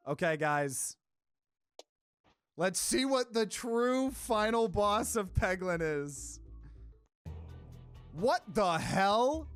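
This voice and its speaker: Gamer voice, casual let's play chatter, gets panicky and repeats stuff, swears a bit, really animated. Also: medium pitch. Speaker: gamer playing and commenting.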